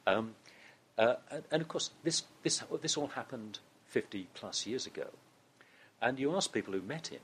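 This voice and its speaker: A man's voice: fairly low pitch, fairly bright tone, a little hiss or hum. A man with a Southern English accent, a guest in an interview, telling a story with many restarts. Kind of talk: conversational interview.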